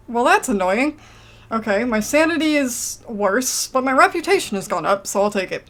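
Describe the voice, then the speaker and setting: A woman's voice: a little high, animated, moderate pace. A woman giving casual gameplay commentary, chatty and self-mocking, reading game text aloud and reacting with exasperated outbursts. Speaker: let's play gamer.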